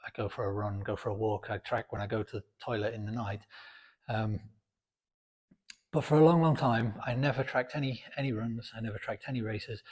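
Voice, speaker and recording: A fitness vlogger, a British man nursing a sore throat, talks to camera in his home gym in a blunt, outspoken, filler-heavy way. His voice is lowish and darkish, with a breathy edge.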